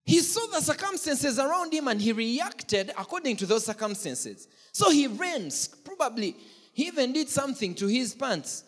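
A preacher delivering an animated sermon, asking questions and joking with the congregation. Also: high voice, normal speed. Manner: animated, asks the congregation questions, jokes and laughs. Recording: long church-hall reverb.

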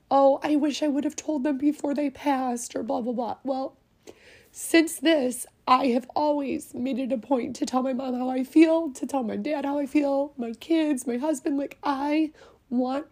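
A woman's voice: sits high, mellow. A middle-aged woman hosting a podcast, speaking heartfelt and getting choked up as she pays tribute. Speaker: podcast host. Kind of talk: personal tribute monologue.

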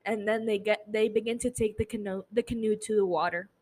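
A woman's voice: mid-range voice, steady tone, fairly quick, a little mellow, rough recording. A woman hosting a podcast from her apartment, casually recapping an episode and swearing freely as she talks into a mic. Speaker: podcast host. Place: home apartment. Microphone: studio mic.

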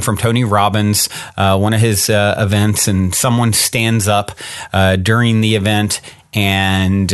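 A man hosting a casual solo podcast, talking in a relaxed, musing way with plenty of ums and uhs. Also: lowish voice, no echo, studio quality. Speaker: podcast host.

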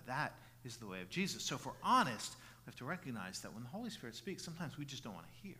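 Very animated and quick, with hardly any pauses, the middle-aged pastor's mid-range voice carries an earnest sermon through a large hall's long reverb. He repeats words as he restarts phrases, rising from quiet stretches to loud, emphatic peaks.

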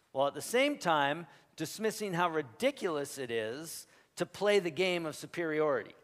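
Male pastor, sermon, animated and emphatic with joking asides, higher-pitched voice, long hall reverb. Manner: animated and emphatic, swinging from loud punches to quiet asides; joking, conversational asides to the congregation.

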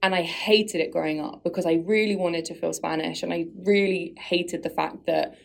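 A woman's voice: on the low side, steady tone, moderate pace, gravelly. A woman guest on a podcast, talking candidly and reflectively about her own life in a casual conversational way, often laughing at herself.

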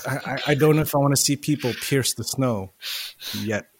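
A man's voice: medium pitch, moderate pace, husky, no room sound. A man co-hosting a podcast in casual chat over a remote call, blunt and swearing freely. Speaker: podcast co-host.

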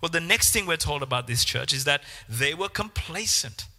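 A man preaching a sermon, animated, repeating words and acting out the voices he quotes. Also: fairly high pitch, moderate pace, long reverb tail.

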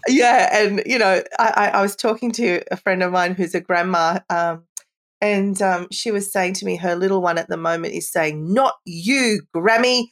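A middle-aged woman speaking as a parenting expert guest, explaining warmly in a conversational interview, with frequent "you know" and light laughs. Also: fairly low pitch, fairly even intonation, moderate pace.

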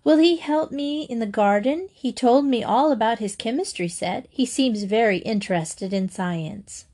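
A woman reading aloud and voicing a cheerful, kindly older woman in a storybook, in a bright and reassuring way. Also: on the high side, moderate pace, lightly acted. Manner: bright, gently amused, reassuring.

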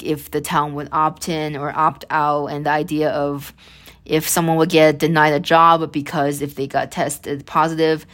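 A young woman hosting her own podcast, telling a story in a rambling, animated way with many restarts and asides. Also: low-pitched. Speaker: podcast host. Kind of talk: casual storytelling monologue.

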